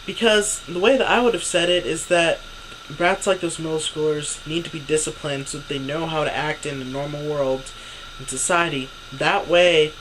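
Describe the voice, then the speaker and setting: A man's voice: a little high, background noise. A young man vlogging an exasperated, profane story, acting out what others said. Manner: exasperated, swearing, acts out quotes. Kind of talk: ranting story to camera.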